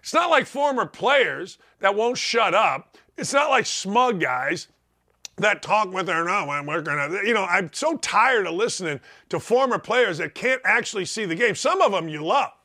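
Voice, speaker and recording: A man's voice: sits high, animated, moderate pace, bright, forceful tone. A middle-aged man from Indiana hosting a sports talk show, emphatic and rambling, repeating words for stress.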